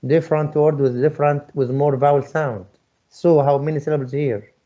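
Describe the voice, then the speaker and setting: A man's voice: fairly high pitch, steady tone, moderate pace, warm tone, lo-fi sound. A male English teacher leading an online class, patiently repeating his questions to students. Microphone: video call.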